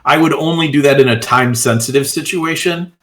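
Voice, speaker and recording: A man's voice: fairly high pitch, fairly quick. Man running a tabletop game. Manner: relaxed, hesitant with frequent ums. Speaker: game master.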